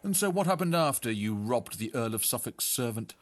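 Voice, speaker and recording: A man co-hosting a comedy podcast, playing a deadpan interviewer. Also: medium pitch, brisk, a little hiss or hum.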